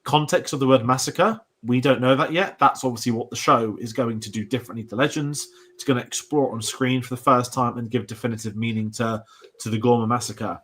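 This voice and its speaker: A man's voice: medium pitch, fairly even intonation, brisk, a bit bright. A young British man hosting a casual show discussion, rambling with restarts and asides. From Britain. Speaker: podcast host.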